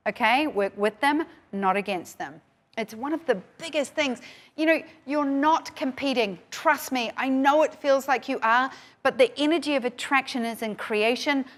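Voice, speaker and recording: On a conference stage before a live audience, a middle-aged woman with a New Zealand accent gives an emphatic motivational keynote talk, repeating her key phrases. Her voice is fairly high-pitched with a fairly bright tone.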